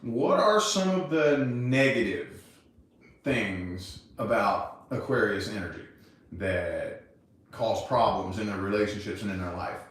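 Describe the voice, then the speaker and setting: A man in casual conversation with his partner, frank and reflective, cursing without a second thought. His pitch swings a lot as he talks. He sounds set back from the mic in a strongly echoing room. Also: lively intonation, measured pace, a bit bright. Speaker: podcast co-host. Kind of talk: casual couple chat. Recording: echoey room, distant mic.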